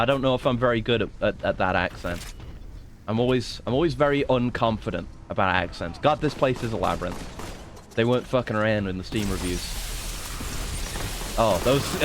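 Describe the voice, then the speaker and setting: A man's voice: medium pitch, noisy background. A man streaming a video game, chatting casually in a profane, joking, rambling way. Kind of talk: casual gameplay commentary.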